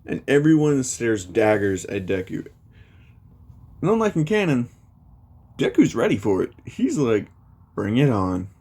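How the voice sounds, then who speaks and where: A man's voice: mid-range voice, big pitch swings, measured pace, long pauses, dark tone. A young man casually retelling a fan story, rambling with lots of fillers. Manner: rambling, many fillers like "you know".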